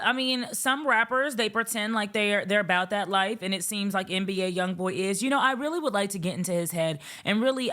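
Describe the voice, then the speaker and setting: A woman's voice: mid-range voice, a bit bright. Sarcastic, profane woman vlogger. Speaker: commentary vlogger. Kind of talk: casual commentary.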